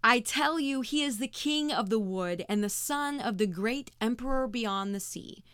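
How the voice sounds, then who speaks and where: A woman's voice: on the high side, unhurried, a bit bright, smooth, no room sound, studio quality. A woman voicing a stern male beaver in a storybook read-aloud, speaking with firm emphasis.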